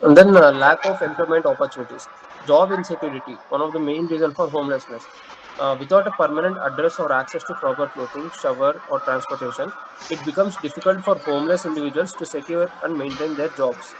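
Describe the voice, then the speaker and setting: A man's voice: on the high side, fast talker. A young man giving a class presentation, reading from notes with fillers and restarts. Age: young adult. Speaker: student presenter. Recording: dull lo-fi recording with loud noise.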